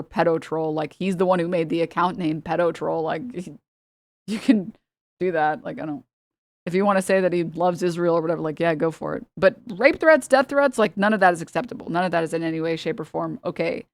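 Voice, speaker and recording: A woman's voice: on the low side, a little fast, no room sound. A young woman from the United States, a streamer giving heated, sarcastic political commentary and laughing between points.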